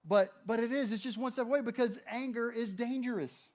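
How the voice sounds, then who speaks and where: A man's voice: extremely high pitch, a little fast, a little mellow. A male pastor preaching a conversational, humorous sermon who acts out quoted thoughts.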